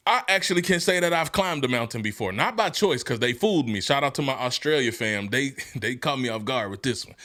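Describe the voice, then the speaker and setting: A man hosting a motivational podcast, talking in casual slang and laughing often, building from easygoing storytelling into shouted, fired-up preaching. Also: medium pitch. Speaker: podcast host and motivational speaker.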